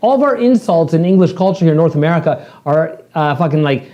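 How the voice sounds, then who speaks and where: A man co-hosting a casual podcast, telling profane stories in an animated way and laughing often. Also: fairly high pitch, quick pace, hardly any pauses. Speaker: podcast co-host. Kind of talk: casual chat.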